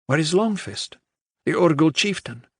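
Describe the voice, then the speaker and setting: A man's voice: fairly high pitch, lively intonation, unhurried, breathy edge, no room sound, clean studio sound, pitched above the performer's own voice. Man voicing a defiant young noblewoman. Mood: demanding. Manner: demanding, voice cracking.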